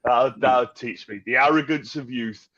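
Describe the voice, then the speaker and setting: A man's voice: mid-range voice, moderate pace, fairly bright tone, lo-fi sound. A man from the United Kingdom, a guest music expert, telling stories casually, laughing often and stumbling over his words. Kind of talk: casual storytelling.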